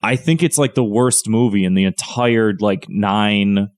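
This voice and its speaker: Low-voiced rambling young man. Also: a little slow. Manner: rambling, profane, lots of fillers. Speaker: podcast co-host. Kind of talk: casual chat.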